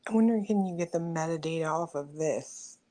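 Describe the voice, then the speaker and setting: A woman's voice: low voice, fairly quick, warm tone. A woman co-hosting a casual online show, chatting playfully and joking to the audience while waiting on her partner. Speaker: co-host. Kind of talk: casual livestream chat.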